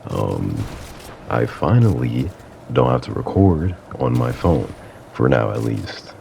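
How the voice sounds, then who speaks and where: A man's voice: rumbling low, very animated, takes it slowly, creaky, warm tone, a little hiss or hum. A young man telling a casual story time as a YouTuber, rambling with lots of fillers and laughing at himself. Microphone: console setup mic.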